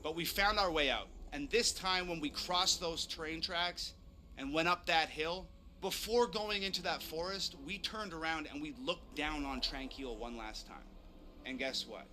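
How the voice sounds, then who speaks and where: Bright-voiced man telling a suspenseful story. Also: on the high side, measured pace, a little hiss or hum. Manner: suspenseful, building tension. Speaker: storyteller recounting a ghost encounter. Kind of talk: dramatic first-person storytelling.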